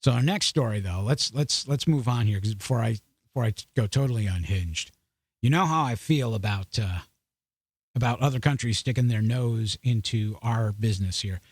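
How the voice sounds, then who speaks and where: A man's voice: mid-range voice, normal speed, no echo. A man hosting a podcast, giving blunt, sarcastic commentary and often restarting mid-sentence as he talks straight to his viewers. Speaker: podcast host. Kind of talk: opinionated news commentary.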